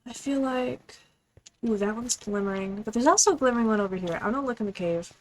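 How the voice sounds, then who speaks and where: A young woman streaming a game, chatting casually in a rambling, fast, apologetic way. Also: a little high, expressive, slight background noise, low-quality recording. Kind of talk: casual gaming stream chat.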